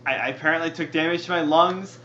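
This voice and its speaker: A man's voice: on the high side, steady tone, fast, pushed and bright. A man playing a tabletop game with friends, joking and complaining melodramatically about his luck. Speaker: player. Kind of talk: casual tabletop game play. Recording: dull lo-fi podcast audio with faint noise.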